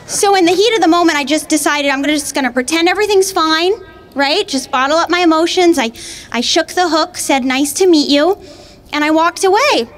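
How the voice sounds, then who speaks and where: A woman performing stand-up in a high voice, chatting through her story in a conversational way. She keeps checking in with the crowd as she goes. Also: fairly quick. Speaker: stand-up comedian. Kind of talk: stand-up routine. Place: comedy venue with live audience.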